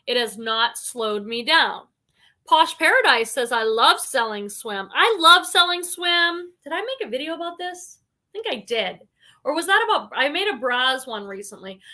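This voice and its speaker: Her voice high, bright, and forceful, a woman runs a relaxed livestream as a reseller. She reads out viewer comments and talks loosely, leaning heavily on "like" and "um."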